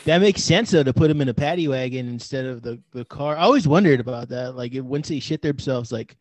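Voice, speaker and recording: A man's voice: mid-range voice, a little fast, dry recording. A man co-hosting a podcast, tossing in joking, teasing remarks during a casual chat. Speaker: podcast co-host.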